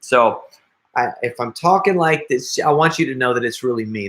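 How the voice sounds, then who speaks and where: A man's voice: medium pitch, animated, moderate pace, fairly bright tone. A middle-aged man chatting casually with viewers on a live stream, joking and laughing often. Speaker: prank video creator hosting a live stream.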